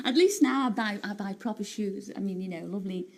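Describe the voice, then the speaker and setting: A woman in her late thirties from Liverpool, speaking with a Liverpool accent as a talk-show guest, telling stories in a chatty, animated way and laughing often. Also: medium pitch, moderate pace, vocal fry. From Liverpool, England. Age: 30s. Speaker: singer and TV entertainer, guest. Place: TV studio.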